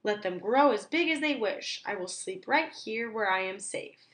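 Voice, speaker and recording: A woman's voice: medium pitch, expressive, moderate pace, a bit bright, natural voice. A woman voicing a fussy, easily startled male owl from a children's picture book, with an earnest storybook manner. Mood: resolved.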